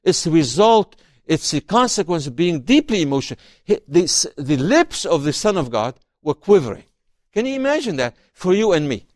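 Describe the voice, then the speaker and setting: A man, an author and guest, talking about his book in an interview and reading passages aloud, expressive and often repeating words as he starts sentences. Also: fairly high pitch, normal speed, dry recording, clean studio sound.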